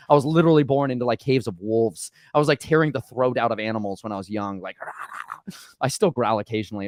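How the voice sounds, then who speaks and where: A man hosting his channel and telling his own story in an animated, rambling way. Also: medium pitch, no echo, clean studio sound. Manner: rambling and excitable, slipping into mock voices. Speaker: channel host. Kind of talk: animated personal testimony.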